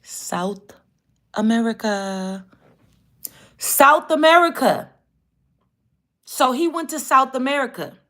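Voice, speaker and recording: A woman hosting a livestream, telling a story in a casual, animated and profane way. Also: sits high, slow, pauses often. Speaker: livestream host.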